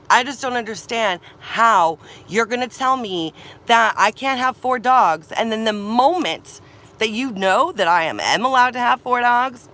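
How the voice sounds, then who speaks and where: Upset young woman ranting, bright voice. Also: mid-range voice. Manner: upset, ranting, swearing, repeating herself. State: tearful and agitated. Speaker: vlogger. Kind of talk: emotional venting vlog. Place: camper van or campsite.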